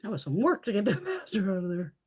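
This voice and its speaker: A woman's voice: medium pitch, big pitch swings, quick pace, a little mellow, slightly rough. A woman hosting a casual live makeup stream, chatting in a blunt, profane, ranting way as she swatches products. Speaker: beauty livestream host. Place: home, in Connecticut.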